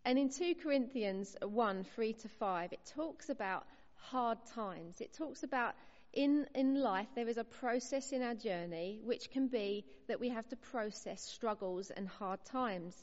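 A woman giving a sermon in an earnest, measured, encouraging manner, pausing between phrases. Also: a little high, darkish tone. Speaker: preacher. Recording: muffled sound in a reverberant hall.

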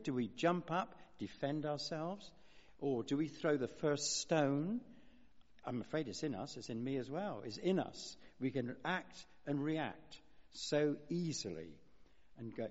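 A man's voice: mid-range voice, darkish tone. A man giving an informal, conversational sermon, rambling through asides and restarts as he goes. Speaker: preacher. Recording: dull lo-fi sound in a reverberant hall.

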